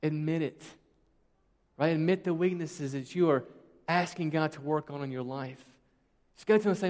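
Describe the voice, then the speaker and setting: Pastor, man, 30s, slightly raised pitch, chatty rhetorical sermon style, long hall reverb. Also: normal speed, pauses often, darkish tone. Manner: conversational and emphatic, rhetorical questions.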